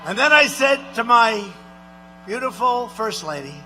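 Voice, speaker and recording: A man doing an impression of a boastful male president giving a rambling rally speech, repeating himself and shouting out punchlines. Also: extremely high pitch, big pitch swings, unhurried, over loud music, exaggerated voice. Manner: repetitive, rambling, bragging, with sudden shouted lines.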